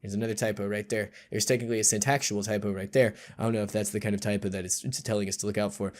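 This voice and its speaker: A man's voice: on the low side, little pitch movement, rapid-fire. A man reading a text game aloud with jokey, sarcastic, rambling asides. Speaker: YouTube gamer.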